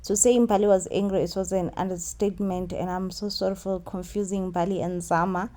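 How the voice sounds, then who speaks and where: A woman's voice: medium pitch, brisk. South African woman, chatty recap host, switches between languages, repeats herself for effect. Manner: animated, mixes English with Zulu and Xhosa, repeats phrases for emphasis. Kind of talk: casual recap chat.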